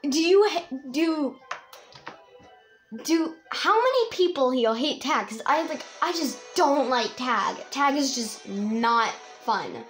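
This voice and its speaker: A woman giving rambling, excitable let's-play commentary as a young YouTuber, laughing often. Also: high voice, slow pace, faint music behind. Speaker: gamer and YouTuber.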